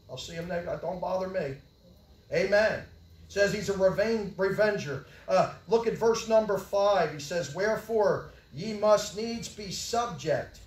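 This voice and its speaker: Older guy preaching fired up, high voice, yells then mutters, echoey church from far off. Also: slight background noise. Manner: impassioned, swings from yelling to low mutters. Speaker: pastor. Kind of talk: sermon. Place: church hall.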